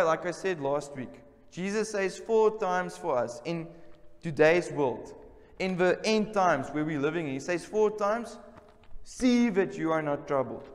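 Male pastor, raised voice, emphatic sermon delivery with call-outs to the congregation, long church-hall reverb. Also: a little high. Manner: emphatic, repeats key words, calls for responses. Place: church service.

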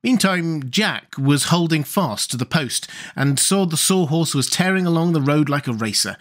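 A man reading a children's fantasy storybook aloud as an audiobook narrator, measured and expressive. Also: on the high side.

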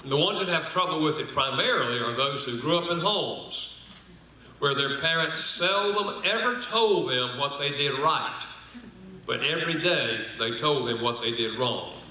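A man giving a church seminar talk, folksy and humorous, slowing down to stress his points. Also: medium pitch, expressive, bright, forceful tone. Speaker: speaker on marriage and apology. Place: large echoing hall. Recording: very echoey hall.

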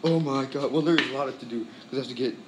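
A man vlogging a teardown in an excitable, rambling way, sweaty and worked up, full of exclamations. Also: mid-range voice, fast, noisy background. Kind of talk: excited casual teardown vlog.

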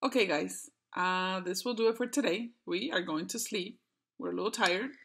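A woman's voice: mid-range voice, normal speed, gravelly, a bit bright, breathy edge. A young woman vlogger chatting casually and playfully, giggling and squealing. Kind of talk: casual vlog chat.

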